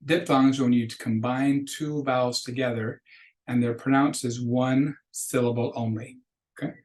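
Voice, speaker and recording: A man teaching a beginner language lesson, speaking in an even, mid-pitched voice. He explains things patiently and slows right down whenever he models a word for students. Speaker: Spanish teacher. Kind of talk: recorded lecture.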